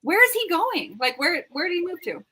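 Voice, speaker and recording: A woman with a high, bright voice co-hosts a relaxed livestream chat over a video call. She talks in a chatty, giggly way and often restarts her sentences. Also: brisk, rough recording. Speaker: co-host.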